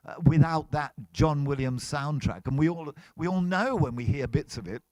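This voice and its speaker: At a moderate pace and fairly high pitch, an older actor shares wry behind-the-scenes stories while being interviewed at a comic con booth. He tells them animatedly, and the recording has no echo.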